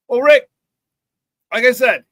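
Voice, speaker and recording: Guy hosting a sports show, reads the chat, high bright voice, keeps repeating himself, laughs a lot. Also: dry recording. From Chicago area. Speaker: sports talk radio host. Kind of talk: casual sports talk, reading live chat.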